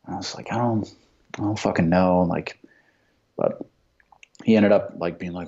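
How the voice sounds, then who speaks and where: A man's voice: low voice, fairly even intonation, moderate pace, vocal fry, pauses often, warm tone, breathy edge. A man telling profane, heated stories in casual chat. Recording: dull lo-fi sound.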